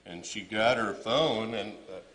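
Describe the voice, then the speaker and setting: A middle-aged man shares a personal testimony before a congregation, halting and restarting as he goes. His voice is pitched slightly low but bright and forceful. A long reverb from the hall trails each phrase. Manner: halting, repeats words while recounting. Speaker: church testimony speaker.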